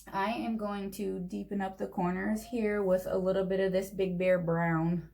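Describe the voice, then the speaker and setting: A young woman telling a long personal story in a chatty, animated way while doing her makeup. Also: mid-range voice, gravelly. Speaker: vlogger. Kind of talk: get-ready-with-me storytime.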